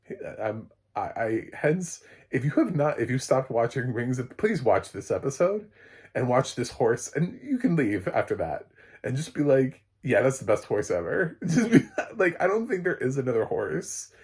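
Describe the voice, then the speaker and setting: A man's voice: mid-range voice, very animated, normal speed, a little mellow, breathy edge. A man reviewing a TV episode in casual solo chat, rambling with many fillers and restarts and often laughing.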